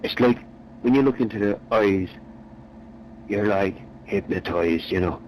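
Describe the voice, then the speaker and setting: A man's voice: on the low side, measured pace, dull audio, a little hiss or hum. A man telling a long, rambling joke in a chatty, meandering way. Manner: meandering, chatty, repeats words. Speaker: storyteller.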